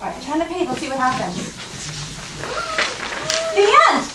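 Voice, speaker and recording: A woman's voice: high-pitched, expressive, rapid-fire. A woman teaching a first grade class, patient and coaxing, modeling reading word by word. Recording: roomy classroom audio from a distance, with background noise.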